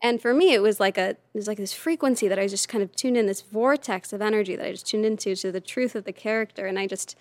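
A woman guest on a podcast, telling stories casually and lively, often slipping into quoted voices. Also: medium pitch, quick pace, few pauses, no echo. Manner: animated, lively storyteller who slips into quoted voices. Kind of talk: casual storytelling in conversation.

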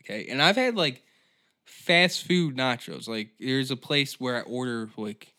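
A man's voice: medium pitch, animated, a little slow, pushed and bright. A man hosting a comedy podcast, ranting in an exasperated, profane monologue. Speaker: podcast host.

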